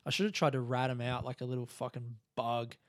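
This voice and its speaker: A comedian in his thirties, ranting through his stories on a solo podcast with plenty of swearing. His voice sits at an ordinary middle pitch. It is recorded close and dry, with no room sound. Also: fairly quick, dry recording. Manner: sweary, ranting, animated retelling. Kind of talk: casual solo podcast storytelling.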